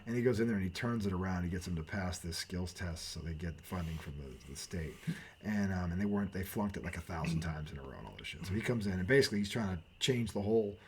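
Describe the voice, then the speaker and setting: A man's voice: low voice, animated, fast talker, darkish tone, slight background noise. A man co-hosting a casual sports talk show, telling stories animatedly with swearing and laughter. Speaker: co-host.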